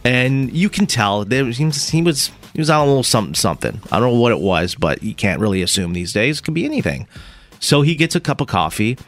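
A man hosting a morning radio show, telling a story in a casual, animated way and laughing as he goes. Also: medium pitch, quick pace.

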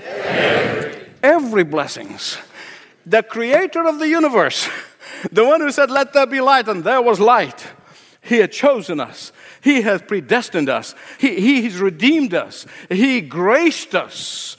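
A man's voice: sits high, very animated, unhurried, in a large hall. A male preacher giving a sermon, emphatic and building his points through repeated phrases.

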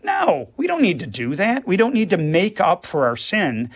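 A man's voice: high voice, huge pitch swings, normal speed, husky. A man, a priest, talking earnestly on a radio show and explaining with everyday examples. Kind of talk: radio conversation.

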